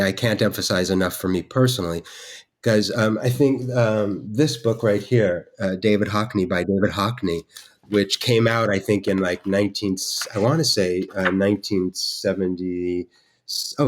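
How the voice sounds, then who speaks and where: Male podcast guest, low-pitched, meandering storyteller, halting with fillers. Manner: rambling, with many restarts and fillers. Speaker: guest artist. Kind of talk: storytelling in conversation.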